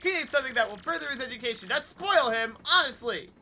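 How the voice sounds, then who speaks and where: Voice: lively intonation, quick pace, slight background noise, exaggerated voice. A streamer voicing a pair of snooty, bickering Bob-omb parents from a game in a raised, haughty voice. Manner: haughty, high and loud.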